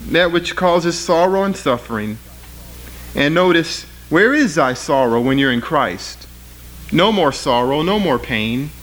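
A man preaching a sermon, reading scripture with rising force and then explaining it in plain, halting talk. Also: a bit bright, rough recording. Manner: rises in pitch and volume reading scripture aloud; plain spoken, with fillers and restarts between readings.

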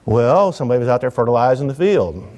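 A middle-aged man preaching a sermon in a folksy, joking way, swinging between loud emphatic lines and quiet asides. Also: mid-range voice, animated, quick pace.

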